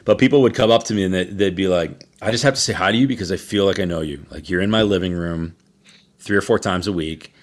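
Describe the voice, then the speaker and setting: A man's voice: deep voice, fast. A hockey broadcaster, a man, chatting as a guest on a podcast in an easygoing, conversational way with many restarts. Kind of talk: casual podcast interview.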